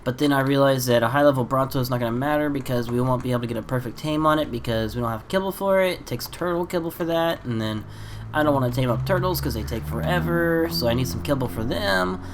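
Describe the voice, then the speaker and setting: A man's voice: medium pitch, quick pace, slight background noise. A man with a congested, stuffy voice from a cold, hosting a casual gameplay video and rambling with frequent ums and uhs. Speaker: gaming channel host.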